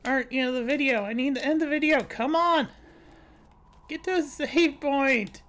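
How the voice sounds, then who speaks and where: A woman's voice: sits high, moderate pace, fairly bright tone. A woman chatting casually while she plays a video game and records it. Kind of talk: casual let's play commentary.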